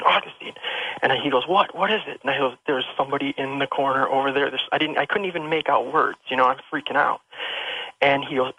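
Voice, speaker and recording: A man phones into a radio show with a gravelly, mid-range voice that sounds dry and muffled. He tells his story in an emotional ramble, breaking off and restarting his sentences. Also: mid-range voice, sharp tone, dry recording. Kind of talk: telling a personal ghost story. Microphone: telephone. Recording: dull lo-fi phone line.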